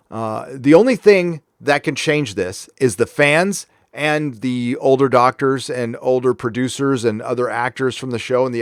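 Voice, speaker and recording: A man's voice: mid-range voice, no room sound. Ranting male livestream host, dry sound. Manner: blunt, ranting, profane, frequent restarts. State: angry. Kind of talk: casual live-stream commentary.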